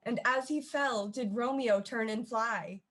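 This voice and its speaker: A woman's voice: a little high, measured pace, fairly bright tone. A woman playing a forthright young nobleman who speaks urgently in a staged reading.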